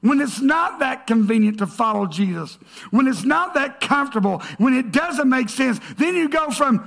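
A male pastor preaching a sermon to his congregation. He is emphatic, rises to shouts, then drops to a hush. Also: very high-pitched, lively intonation, moderate pace, gravelly. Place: church stage before a congregation.

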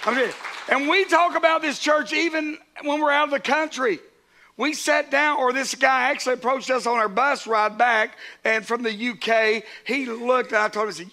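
A man's voice: extremely high pitch, steady tone, normal speed, bright, forceful tone. A man, a pastor preaching a sermon to his congregation in a conversational way, with asides to the crowd.

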